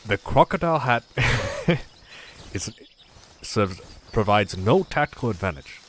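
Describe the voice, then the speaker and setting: A man's voice: on the low side, big pitch swings, a little slow, a little hiss or hum. A man streaming a video game, reacting with swearing and frequent laughter. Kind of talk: gaming livestream commentary. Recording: game music underneath.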